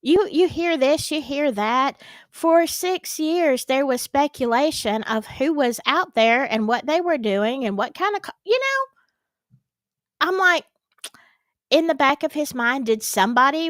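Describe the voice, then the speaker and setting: A woman's voice: high-pitched, no echo. A woman giving casual, emphatic commentary on a trial, talking directly to her viewers. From American South. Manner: animated, emphatic, talks to the audience. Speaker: true crime commentator.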